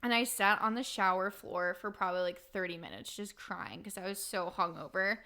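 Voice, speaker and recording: Bright-voiced woman telling candid stories. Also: mid-range voice, expressive, brisk. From Wisconsin. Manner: laughing, candid storytelling. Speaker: podcast co-host. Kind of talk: casual chat.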